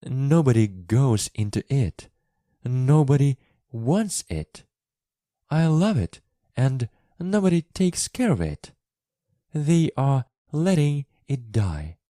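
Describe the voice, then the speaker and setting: A man voicing a lonely, eager young girl in a storybook reading for English learners, with a high, pleading girlish voice. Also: sing-song, takes it slowly, dark tone, no echo, clean studio sound. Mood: anxious.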